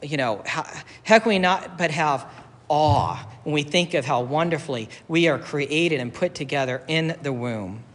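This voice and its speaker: Male pastor, high bright voice, emphatic repeated lines, long hall reverb. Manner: slow, emphatic, repeats key phrases. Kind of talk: sermon.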